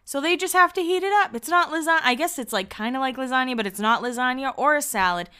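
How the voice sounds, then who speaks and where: Young woman gossiping about a reality show on her podcast, smooth clear voice, laughs a lot. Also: high voice, sharp tone. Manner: chatty, laughs often, quotes people in quick asides. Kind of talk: casual chat.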